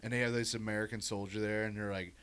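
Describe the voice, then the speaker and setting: A young man co-hosting a casual podcast, telling animated stories and acting out voices. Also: fairly low pitch, quick pace, smooth. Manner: animated storyteller, acts out voices. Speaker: podcast co-host. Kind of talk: casual chat, storytelling.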